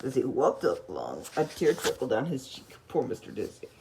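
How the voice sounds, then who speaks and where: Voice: medium pitch, huge pitch swings, normal speed, gravelly, background noise. A reader giving a casual storybook read-along, giggling often and stumbling over words.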